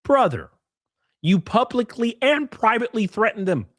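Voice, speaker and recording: Male live-stream host, animated and sarcastic, swears freely, dry booth sound. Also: on the high side, moderate pace, dry recording. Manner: animated, sarcastic, profane, keeps saying "brother". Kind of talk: live-stream commentary reading tweets.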